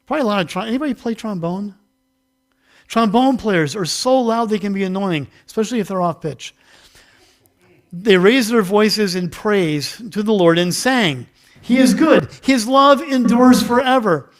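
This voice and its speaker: A male pastor with a high voice and lively intonation speaks at a normal speed in a church sanctuary. His sermon is casual and interactive, chatty and self-deprecating, as he acts out a Bible story with volunteers.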